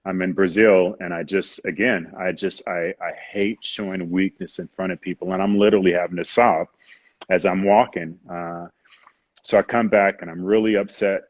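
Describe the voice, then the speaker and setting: A man's voice: deep voice, steady tone, normal speed, no room sound, highs cut off. A man as an interview guest, telling a personal story with candid emotion, often saying "you know" and acting out what others said.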